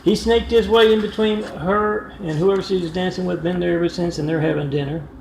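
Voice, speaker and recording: Male vlogger, raspy-edged voice, meandering casual storytelling into a phone, roomy and noisy recording. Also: high voice, steady tone, brisk. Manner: meandering, wry asides, frequent fillers. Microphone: phone front camera. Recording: echoey room with background noise.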